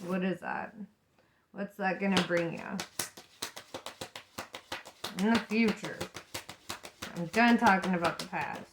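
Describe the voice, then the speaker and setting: A woman's voice: medium pitch, takes it slowly, pauses often, noisy background. A woman giving a casual tarot reading, frank and profane, laughing often and asking "right?" as she talks. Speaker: tarot reader.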